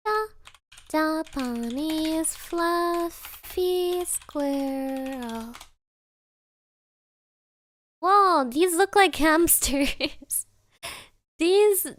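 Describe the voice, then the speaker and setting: Giggly high-voiced young woman streamer. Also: dry recording, clean studio sound. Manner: giggly, rambling, reads chat aloud. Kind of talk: casual chat with live chat.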